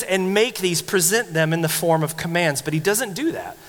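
A man preaching a sermon as pastor, telling stories with animated, acted-out quotes. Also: high voice, normal speed, hardly any pauses, big-room sound. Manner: animated storytelling, acting out quoted voices.

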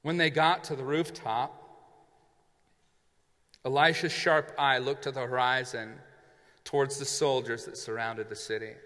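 A man's voice: fairly high pitch, bright, forceful tone. A male pastor preaching a sermon, retelling a story vividly and acting out the characters. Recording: long reverb in a large hall.

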